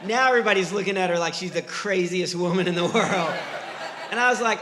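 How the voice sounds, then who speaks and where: A middle-aged man from Texas doing clean stand-up, an animated storyteller who acts out the voices in his stories. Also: high-pitched, a little fast, background noise. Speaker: stand-up comedian. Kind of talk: clean stand-up comedy with faith message. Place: church hall before a live audience. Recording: live church hall reverb.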